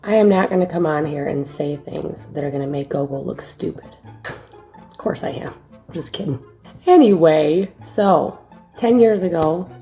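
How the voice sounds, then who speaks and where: A man's voice: sits high, darkish tone. A man telling a teasing, sarcastic story about a friend, joking and swearing as he goes. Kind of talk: joking anecdote.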